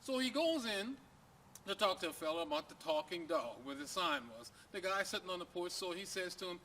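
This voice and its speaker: A man's voice: high voice, lively intonation, fairly quick, vocal fry, bright, forceful tone, slight background noise. A man telling a joke story to camera in a folksy, conversational way, often asking the listener questions.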